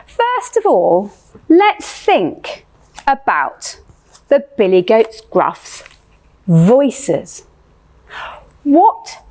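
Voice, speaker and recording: A woman's voice: a little high, darkish tone. A woman leading a playful music lesson for young children, asking sing-song questions.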